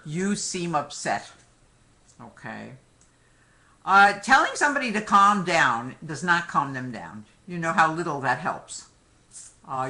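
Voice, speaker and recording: A man's voice: on the high side, sharp tone. A man teaching a live online review lecture, talking conversationally, joking now and then and dropping "okay" and "my friends" between points. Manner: frequent "okay" and "my friends" asides. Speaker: medical exam lecturer.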